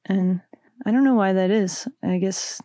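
A young adult woman and musician guest, talking reflectively in a casual interview, with many "like"s and soft laughs. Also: medium pitch, measured pace, no echo, studio quality.

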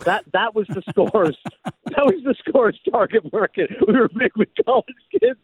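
A man's voice: sits high, moderate pace, slightly rough, no echo, narrow, tinny audio. A man, a former sportscaster, telling stories in a casual chat and slipping into an announcer voice now and then. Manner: animated storyteller, slips into announcer voice. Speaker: podcast host and former sportscaster.

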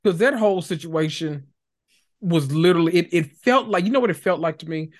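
A man's voice: on the high side, a little fast. A man co-hosting a casual gossip chat, laughing often and cutting in with short quips and agreements. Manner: laughing sidekick, interjecting quips. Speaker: podcast co-host.

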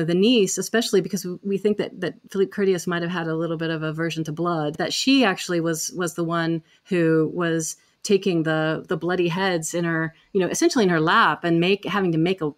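A woman guest explaining history in a measured way, often repeating words as she goes. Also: lowish voice. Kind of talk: explanatory storytelling.

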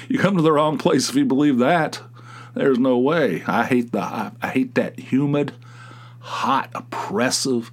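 A middle-aged man from Pennsylvania hosting a solo podcast, rambling and grumbling in casual chat, with frequent restarts and "you know"s. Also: medium pitch. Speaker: podcast host.

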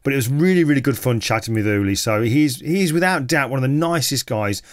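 A man's voice: medium pitch, lively intonation, a little fast, no room sound. A man hosting a podcast on his own, introducing the episode in an enthusiastic, chatty way. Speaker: podcast host.

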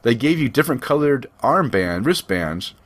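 A man's voice: mid-range voice, very animated, normal speed. A middle-aged man chatting casually as a podcast co-host, rambling and conversational, often restarting his sentences. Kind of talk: casual chat.

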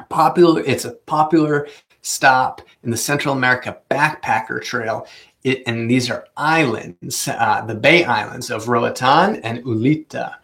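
A man's voice: mid-range voice, fairly bright tone. A man talking casually as a travel vlogger, giving tips in a chatty way with many fillers and careful Spanish pronunciation. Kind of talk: casual travel guide talk.

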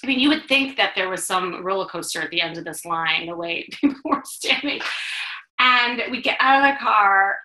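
A middle-aged woman from the Chicago area hosts a podcast and tells a personal story in a lively, animated way, laughing now and then. Her voice is bright and clear. The room around her sounds echoey. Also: mid-range voice, normal speed. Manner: animated, laughs while telling stories. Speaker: podcast host. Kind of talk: storytelling monologue. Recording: roomy echo.

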